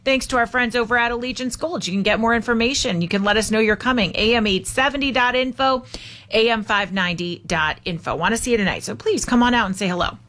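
A woman's voice: fairly high pitch, fast, a bit bright. A woman hosting a talk radio show, upbeat and chatty as she takes calls and reads odd news stories.

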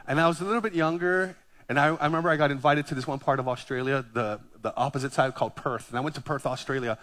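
A male pastor in his fifties from Hawaii, preaching a sermon full of personal stories told with animated, self-deprecating humor. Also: mid-range voice, fast talker. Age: 50s.

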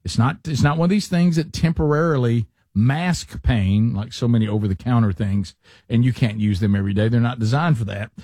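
A man's voice: mid-range voice, brisk, dark tone, dry recording, studio quality. A man, hosting a talk radio show and telling stories in a rambling, self-deprecating way. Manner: rambling, self-deprecating storyteller with many restarts. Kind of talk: casual talk radio banter.

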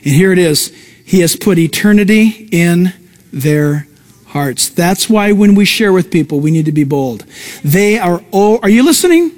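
A male pastor preaching a sermon with emphatic pitch jumps, breaking into conversational asides to the congregation.

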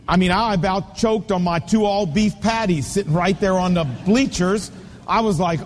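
A man's voice: sits high, brisk, slight background noise. A man in his fifties preaching a sermon, telling stories and hammering home points with repeated punchy phrases. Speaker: pastor. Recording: long reverb of a large hall.

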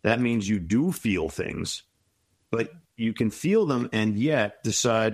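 Low-voiced reflective man, dry sound. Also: expressive, slow, no room sound. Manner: reflective, encouraging, tells stories. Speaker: guest. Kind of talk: conversational advice in an interview.

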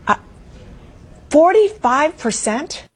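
A woman's voice: high-pitched, sing-song, slow. A woman anchoring a cable television news discussion, earnestly reading out poll figures.

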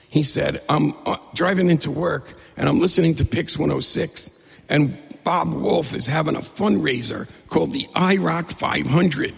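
Middle-aged male storyteller, gravelly and husky, lively and humorous, recorded in a reverberant hall. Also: fairly high pitch, normal speed. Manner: lively, humorous, acts out dialogue. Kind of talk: personal storytelling to an audience.

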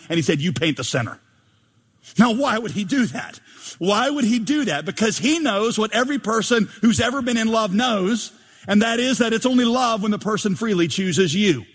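A man preaching a sermon as pastor, animated and joking, firing rhetorical questions at the congregation. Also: high-pitched, normal speed, slightly rough. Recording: long hall reverb.

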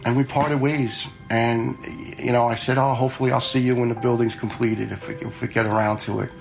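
A man's voice: medium pitch, level tone, fairly quick, creaky, faint music behind, low-quality recording. A man in his fifties, a retired fire lieutenant, telling stories in a blunt, conversational way with some swearing. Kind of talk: casual storytelling.

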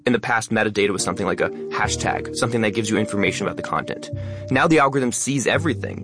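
A man talking as a guest in an interview, speaking quickly and stressing many words. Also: fairly low pitch, music in the background. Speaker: guest, online creator. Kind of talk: interview conversation.

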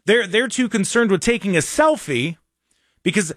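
A man's voice: sits high, very animated, moderate pace, fairly bright tone, no echo, studio quality. A young man hosting a podcast, giving opinionated casual commentary, ranting and restarting his words as he goes.

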